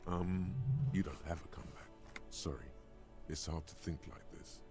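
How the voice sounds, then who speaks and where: A man's voice: deep voice, fairly even intonation, moderate pace, mellow, faint music behind, close to an everyday voice. A man voicing the blunt, commanding inner voice of a detective's mind in a video game. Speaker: game narrator.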